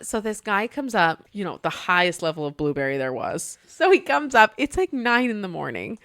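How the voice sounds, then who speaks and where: A woman's voice: mid-range voice, normal speed, no echo. A woman co-hosting a podcast, telling a hotel front-desk story and acting out the dialogue. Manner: animated, acts out dialogue in her stories. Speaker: podcast co-host, hotel manager. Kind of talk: casual storytelling chat.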